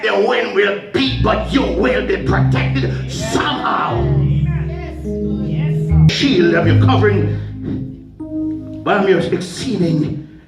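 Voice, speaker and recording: High-voiced male pastor preaching emphatically. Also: creaky. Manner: emphatic preaching that swings into shouted, drawn-out refrains. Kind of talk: sermon. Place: church sanctuary. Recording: roomy church sound from a distant mic with faint music.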